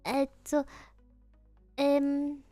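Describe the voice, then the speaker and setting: A woman streamer with a high, girlish voice chats playfully and unhurriedly with her audience. She giggles often as she answers viewers' messages. Her voice sounds close and dry, with faint music playing underneath. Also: monotone, extremely slow, warm tone, no room sound. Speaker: virtual streamer. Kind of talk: casual live-stream chat.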